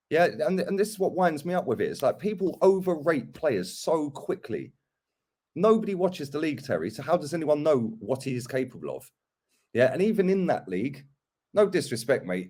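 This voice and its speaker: A young man rants about football in a casual fan chat. His pitch sits a little high for a man and swings widely as he mocks other fans. He sounds heated and animated throughout. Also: slightly rough.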